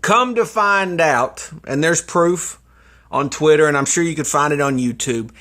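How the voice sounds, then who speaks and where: A man mocking someone in slow, drawn-out commentary. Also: fairly high pitch, pushed and bright. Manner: taunting, drawn-out, laughing between lines. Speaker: YouTube commentator.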